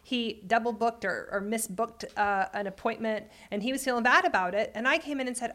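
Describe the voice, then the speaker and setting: A woman co-hosting a conversational podcast, explaining relationship patterns in an animated way with frequent laughs. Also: on the high side, fairly quick. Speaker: podcast co-host.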